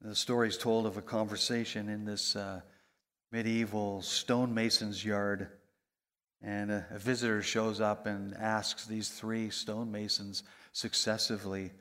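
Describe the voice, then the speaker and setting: A man preaching in an animated sermon, his voice swinging between loud high emphasis and low quiet asides. His voice carries a long reverb from a large hall. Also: a little slow. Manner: animated preaching, voice rising and falling sharply for emphasis.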